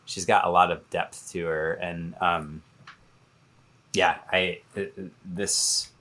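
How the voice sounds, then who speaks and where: A man's voice: sits low, flat delivery, slow pace, bright, forceful tone. A man in a casual book discussion, agreeing enthusiastically and rambling a little.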